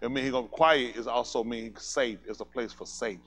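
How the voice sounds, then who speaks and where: Fast-talking emphatic preaching man. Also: mid-range voice, a bit bright. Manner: emphatic preaching, repeats calls like "listen" and "come on"; colloquial, rhetorical questions to the congregation. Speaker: pastor. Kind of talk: fiery sermon.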